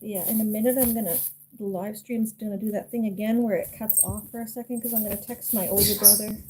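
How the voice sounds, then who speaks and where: A woman's voice: mid-range voice, steady tone, fast talker, mellow, a little hiss or hum, rough recording. A young woman streaming live, chatting casually and cooing to her pets. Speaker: livestreamer.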